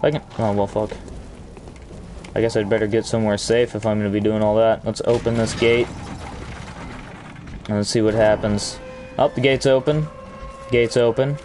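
A man's voice: lowish voice, little pitch movement, normal speed, pauses often, a little mellow, soft background music. A man giving crude, joking commentary while playing a video game, breaking into mock-outraged rants. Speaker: gaming channel host. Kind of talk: gameplay commentary.

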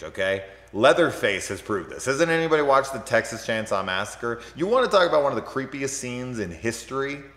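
Man in his thirties, low and bright-edged voice, profane and rambling, echoey reverberant room. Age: 30s. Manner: profane, rambling, often laughing. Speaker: movie reviewer on a livestream. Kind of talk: casual rambling movie talk.

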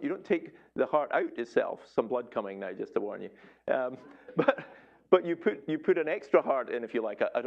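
A man lecturing as a cardiologist before a live audience, in a casual way that mixes jokes with questions to the room. His voice sits in a middle pitch. The recording sounds slightly dull. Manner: conversational, joking, quizzes the audience. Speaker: cardiologist giving a public talk. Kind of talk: public science lecture.

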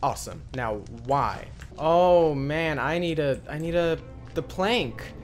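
A man hosting a gaming channel, giving jokey let's-play commentary as he talks to the game and bursts into loud yells. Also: fairly high pitch, slow pace. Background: game music.

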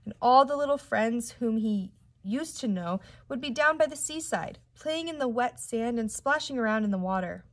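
A woman teacher reading a children's book aloud with expressive, unhurried storytelling. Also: fairly high pitch. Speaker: third-grade teacher.

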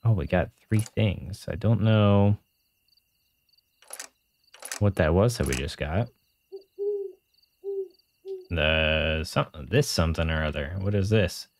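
A man's voice: low voice, takes it slowly, pauses often, a little hiss or hum. A man casually commenting while playing a fantasy game, chatty and self-mocking, with muttered reactions. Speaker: let's play host.

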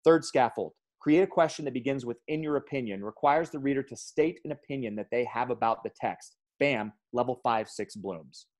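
A man giving a training talk to teachers in an energetic, emphatic way. He tells stories with punchy bursts and speaks to his listeners directly, calling them "guys.". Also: medium pitch, normal speed, hardly any pauses. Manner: addresses audience as "guys". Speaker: education speaker.

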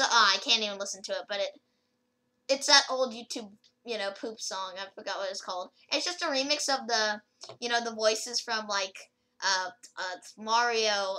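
A woman's voice: mid-range voice, sharp tone, rough recording. A woman rambling casually through a gameplay video, with lots of fillers and restarts as she comments. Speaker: gaming video creator.

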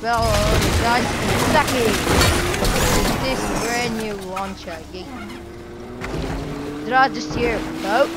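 A woman hosting her gaming channel, giving gameplay commentary with excitable bursts of shouted taunts. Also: mid-range voice, extremely slow, very noisy. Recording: loud game music over the voice. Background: loud game music and explosions.

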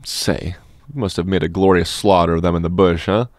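A man voicing an excitable, bloodthirsty little red-haired man who prods gleefully. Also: low voice, fairly quick, no echo, natural voice.

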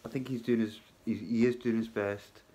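A man talking casually to his viewers from his hotel workplace at night, halting and full of ums, with a wry sense of humour. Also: on the low side, fairly even intonation, warm tone. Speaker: vlogger. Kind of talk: casual spoken vlog.

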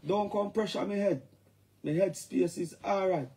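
A man with a Jamaican accent, rambling casually to his fans on a live stream and breaking into shouted catchphrases. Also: sits high, normal speed. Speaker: dancehall artist talking to fans.

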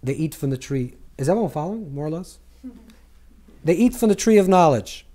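A rabbi lecturing a live group on mystical teachings, his voice sitting a little high for a man. He talks animatedly, stumbling over repeated words and leaping up or dropping low as he acts out scripture dialogue. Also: fairly quick. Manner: animated, repeats words while searching for phrasing; acts out scripture dialogue with swings in pitch and volume.

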